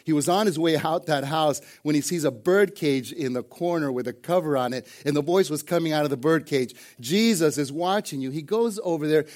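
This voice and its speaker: Preaching to his congregation at a church service, a middle-aged pastor talks briskly with hardly any pauses, his voice a little high and darkish. His sermon leans on folksy storytelling and jokes, with repeated starts and frequent use of "man."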